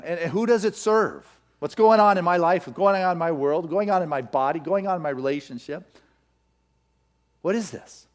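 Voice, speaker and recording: A male minister preaching a sermon, retelling a legend as a story and firing off rapid rhetorical questions. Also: on the high side.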